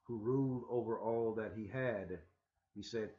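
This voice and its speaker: A man's voice: fairly low pitch, measured pace, warm tone. A man teaching from scripture in a rambling, emphatic way, with frequent restarts and stammers, on a muffled lo-fi recording. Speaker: religious teacher.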